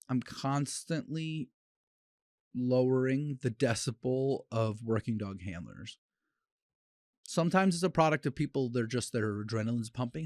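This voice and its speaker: A man's voice: mid-range voice, lively intonation, a little mellow, no echo. Blunt, opinionated man in a dry room. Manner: blunt, opinionated, talks in quick bursts with restarts. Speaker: dog trainer and podcast host. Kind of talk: solo podcast talk.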